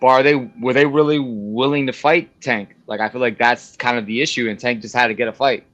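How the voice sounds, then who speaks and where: A man's voice: mid-range voice, steady tone, a little fast, a bit bright, dull audio. A man co-hosting a boxing podcast with a mid-range voice. He chimes in agreeably and poses questions in loose casual chat. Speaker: podcast co-host.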